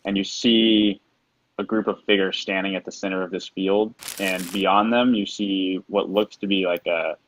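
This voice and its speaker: A man narrating a tabletop game as game master in a relaxed way, with many fillers. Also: low-pitched, moderate pace, a little hiss or hum, poor audio.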